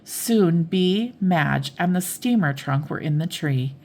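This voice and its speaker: An older woman reading a bedtime story aloud in a slow, gentle manner. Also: lowish voice, expressive.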